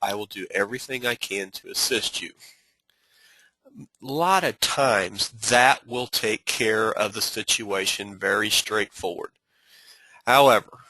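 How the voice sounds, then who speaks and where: Instructor type, man, bright forceful tone, dry close sound, stop-start delivery. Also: mid-range voice, no room sound, poor audio. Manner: halting, many restarts and fillers; earnest, advising tone. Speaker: customer service trainer. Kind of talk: instructional talk.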